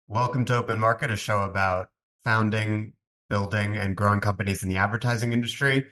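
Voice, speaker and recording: A man's voice: on the low side, fairly even intonation, a little fast, sharp tone. A man from Long Island co-hosting a business podcast, chatting casually and thinking aloud with lots of asides. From Long Island, New York. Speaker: podcast co-host. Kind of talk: casual conversational podcast chat.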